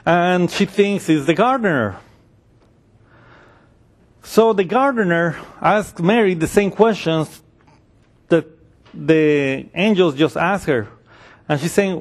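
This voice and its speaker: A man delivering a sermon in a relaxed, conversational style. His voice sits a little high for a man. Now and then he briefly acts out the voices of the people in his story. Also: slow, long pauses. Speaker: preacher.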